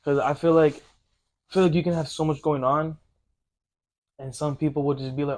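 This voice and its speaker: A man's voice: fairly high pitch, steady tone, normal speed, pauses often, darkish tone. A young man talking earnestly and casually on a podcast, full of slang.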